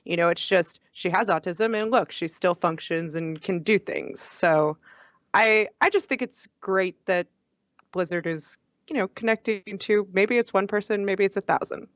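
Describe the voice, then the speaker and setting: A woman's voice: mid-range voice, moderate pace, dry recording, dull audio. A woman co-hosting a live gaming podcast in casual chat, talking earnestly and with emphasis. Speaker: podcast co-host.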